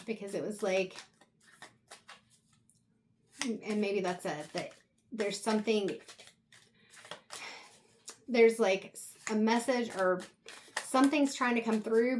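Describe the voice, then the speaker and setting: A woman giving an intuitive tarot reading, talking softly and reflectively with pauses, at times close to tears. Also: mid-range voice, slight background noise. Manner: soft, reflective, halting with pauses. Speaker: tarot reader.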